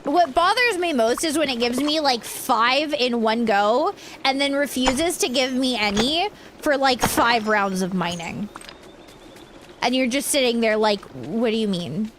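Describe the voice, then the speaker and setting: A woman's voice: high voice, animated, unhurried, noisy background. A young woman streaming a game in casual, rambling chat, tired and swearing now and then. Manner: rambling, frustrated, drops swear words. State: tired, yawning.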